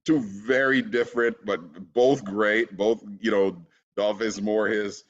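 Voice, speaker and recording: A man talking as an actor guest in a casual interview, relaxed and laughing easily, with lots of "you know". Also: fairly low pitch, slow, muffled recording.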